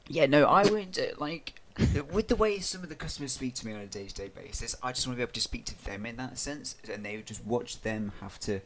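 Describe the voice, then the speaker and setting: A man chatting casually on a podcast, animated and quick to laugh loudly. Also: medium pitch. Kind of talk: casual chat.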